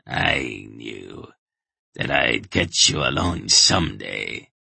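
A man reading an audiobook, voicing a sneering, menacing thug who speaks quietly and gloats. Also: rumbling low, very animated, slow pace, creaky, husky, no room sound, voice pushed down, exaggerated voice.

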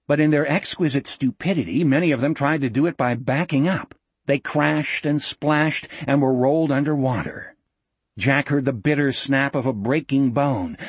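Husky male audiobook narrator. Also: mid-range voice, no room sound. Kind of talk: scripted narration.

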